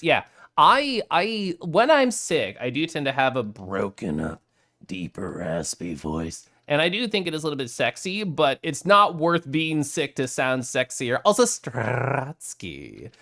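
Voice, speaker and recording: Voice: medium pitch, very animated, moderate pace, fairly bright tone. A streamer chatting casually on a live stream, reading out viewer messages, greeting viewers and laughing often.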